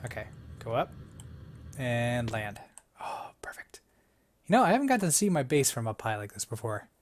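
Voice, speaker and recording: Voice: mid-range voice, very animated, moderate pace. A let's-play host giving casual gameplay commentary, thinking aloud, talking to the game and its items, with playful self-mocking asides.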